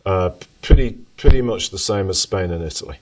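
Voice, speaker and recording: A man's voice: low-pitched, expressive, a little fast, darkish tone. A man giving an economics talk to an audience and answering questions, thoughtful and emphatic, often correcting himself as he goes. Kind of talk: lecture with audience Q&A. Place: lecture room. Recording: voice from far off the mic.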